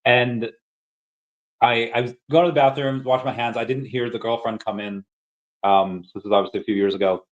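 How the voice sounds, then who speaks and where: A man's voice: mid-range voice, steady tone, fairly quick, lo-fi sound. A man hosting a casual crypto livestream, rambling with many fillers and restarts and chatting with viewers. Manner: rambling, many fillers and restarts, bursts into shouted movie-quote impressions. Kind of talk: casual livestream chat, reading chat comments.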